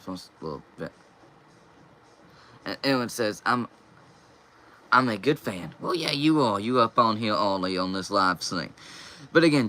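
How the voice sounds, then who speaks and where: A man's voice: mid-range voice, fairly bright tone, a little hiss or hum. A young man hosting a casual live stream, reading viewer comments aloud and answering them.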